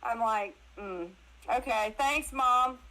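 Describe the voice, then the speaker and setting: A woman guest telling casual stories in an animated way, laughing often and acting out other people's voices. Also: on the high side, slow, low-quality recording. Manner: animated, laughs often, acts out her mother's voice. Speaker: interview guest. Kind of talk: casual storytelling chat.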